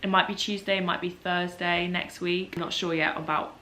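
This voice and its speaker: A young woman with a slightly low voice talks straight to a camera on a tripod at home. She tells stories in a chatty, self-mocking way and keeps things lively and casual. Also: a little fast. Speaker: beauty vlogger. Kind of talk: casual vlog chat to camera. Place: home room at a table.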